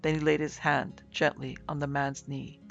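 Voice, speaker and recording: A man narrating a classic ghost story in a formal, dramatic reading, in a slightly muffled recording with soft music. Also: on the high side, flat delivery, normal speed, vocal fry. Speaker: narrator and producer. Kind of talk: audiobook narration.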